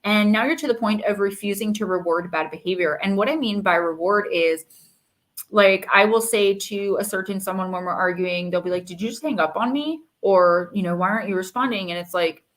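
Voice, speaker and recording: A woman hosting a live-stream oracle card reading, talking in a loose, chatty way full of fillers. She reads the card meanings aloud at an ordinary mid pitch. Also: fairly even intonation, fairly quick.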